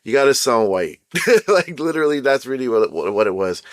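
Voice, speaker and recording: A man's voice: mid-range voice, animated, fast talker, clear, resonant tone, no room sound, studio quality. A young man from Canada with a Canadian accent, hosting his own show and telling a personal story in a loose, chatty way, often checking in with "right?". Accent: Canadian English. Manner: chatty, keeps asking "right?"; laughs at his own jokes. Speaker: podcast host. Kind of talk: casual storytelling monologue.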